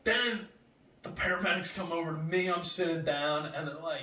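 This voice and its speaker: Profane, animated male comedian storyteller. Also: a little high, normal speed. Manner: animated, profane, acts out other people's lines. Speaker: comedian guest. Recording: echoey room, distant mic.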